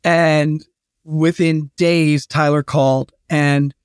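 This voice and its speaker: Man, historian guest, higher-pitched, chatty anecdotal delivery, dry close sound. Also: flat delivery, takes it slowly, smooth, no room sound. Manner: anecdotal, chatty with fillers and restarts. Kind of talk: casual storytelling interview.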